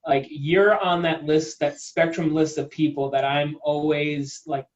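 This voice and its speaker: A man's voice: fairly high pitch, steady tone, measured pace, highs cut off. A man, a comedian, chatting casually on a video call, full of "like" and "uh" fillers.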